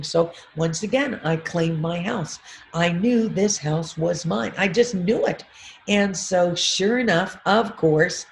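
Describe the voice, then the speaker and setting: A middle-aged woman, a motivational speaker, telling a personal story on a video call in an animated way, repeating affirmations and laughing often. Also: fairly low pitch, creaky, slight background noise.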